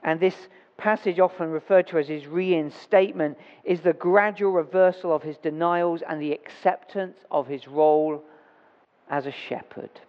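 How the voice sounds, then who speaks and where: A man's voice: a little high, fairly even intonation, normal speed. A man preaching a sermon in a church, talking in a conversational way, correcting himself and reading scripture aloud. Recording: dull reverberant church recording.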